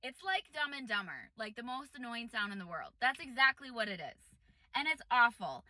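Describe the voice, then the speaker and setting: A woman meditation teacher in a casual vlog, chatty and animated, telling a story with lots of "like" and "um". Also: fairly high pitch, moderate pace.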